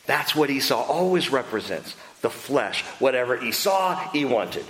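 A male pastor preaching a sermon in an animated, humorous and emphatic way. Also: medium pitch, measured pace. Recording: echoey hall with faint noise.

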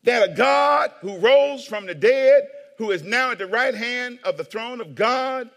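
Pastor guy preaching, high voice that jumps all over, big echoey hall. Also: unhurried. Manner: animated preaching, acts out voices, swings from hushed to shouting. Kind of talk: sermon. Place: church hall with long reverb. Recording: reverberant hall.

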